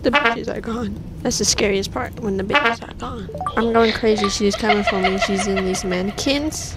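A woman's voice: mid-range voice, normal speed. A woman gamer giving jumpy horror game commentary, swearing and talking back at the game. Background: game music.

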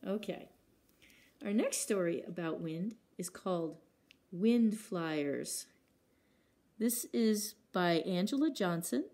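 A librarian with a warm, mid-range voice reads picture books aloud at children's story time. She acts out the sound words and pauses to ask the kids questions.

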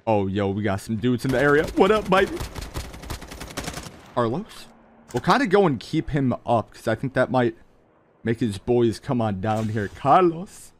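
A man's voice: mid-range voice, big pitch swings, moderate pace, pauses often, a little hiss or hum, rough recording. Hyped young man narrating gameplay. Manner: hyped, talks to chat, frequent exclamations. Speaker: mobile game streamer. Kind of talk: excited gameplay commentary.

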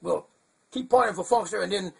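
A man's voice: high voice, fairly quick, gravelly, a little mellow, husky, heavily acted. A man voicing a goofy, confused male bird puppet who rambles in a muddled, chuckling way on a puppet comedy show. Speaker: hand puppet co-host.

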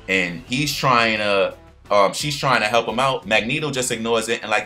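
Male pop culture recapper, low-pitched, forceful, slangy and animated, soft guitar bed behind. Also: normal speed. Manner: animated retelling with slang, acts out quoted lines in a raised voice. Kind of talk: casual episode recap.

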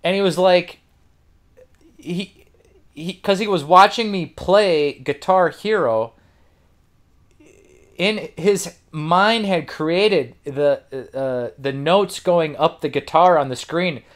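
A man hosting a podcast, telling a rambling, profane story with frequent laughs. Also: fairly high pitch. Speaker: podcast host.

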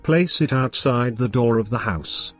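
A man voicing a kindly fairy godmother in a storybook reading, speaking gently and soothingly. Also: medium pitch, a little slow, husky, faint music behind.

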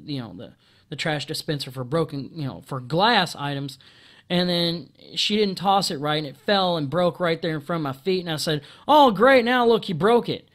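Speaking into a camera, a male video commentator with a voice on the high side delivers an angry monologue full of profanity. The rant is marked by stumbling restarts, frequent throat-clearing and loud outbursts.

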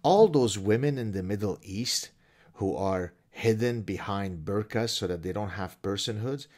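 A man's voice: lowish voice, a little slow, a little mellow. A man hosting a commentary show, reading aloud with sarcastic, mocking asides. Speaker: host.

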